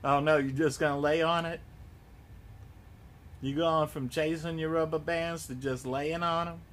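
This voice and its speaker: A man's voice: on the high side, steady tone, unhurried, a bit bright, a little hiss or hum. A man in his forties, stoned, rambling and swearing through a casual home unboxing vlog with self-mocking humor. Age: 40s. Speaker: unboxing vlogger.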